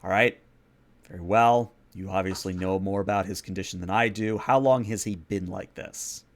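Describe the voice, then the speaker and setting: Man playing a gruff vampire prince, disdainful, commanding, low voice. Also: steady tone, moderate pace, close to an everyday voice. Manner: curt and commanding.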